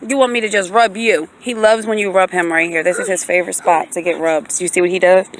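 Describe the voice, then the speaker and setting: A woman's voice: fairly low pitch, fairly even intonation, fairly quick, a little hiss or hum. A young woman, filming a casual vlog outdoors in a field, talking in sing-song baby talk to her dog. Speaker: vlogger.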